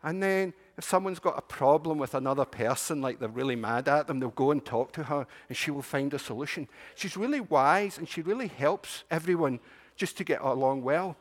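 A man telling a story to a church congregation in an animated storytelling manner. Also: on the high side, brisk. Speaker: children's storyteller at a church service. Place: church sanctuary. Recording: long reverb of a large room.

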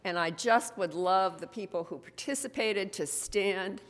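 A woman's voice: medium pitch, a little slow. A woman, a minister, giving announcements to her congregation in a conversational way with frequent hesitations. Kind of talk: church announcements. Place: church sanctuary. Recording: long reverb of a large room.

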